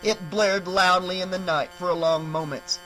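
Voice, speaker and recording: A man narrating a horror novel audiobook in a measured, dramatic storytelling manner. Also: high-pitched, fairly even intonation, pushed and bright, faint music behind. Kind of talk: scripted narration.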